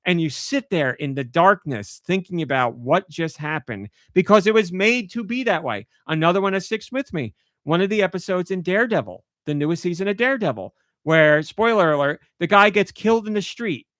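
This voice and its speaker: Podcast host guy, slightly high voice, animated ranting storyteller. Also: brisk, hardly any pauses, no echo, studio quality. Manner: animated storytelling, acts out his own outbursts. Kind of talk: casual podcast chat.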